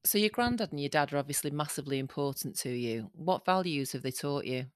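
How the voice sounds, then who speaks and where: A woman's voice: sits low, animated, fast, smooth, no echo, studio quality. A woman with a Mancunian accent hosting an interview, asking brief questions. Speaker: podcast host.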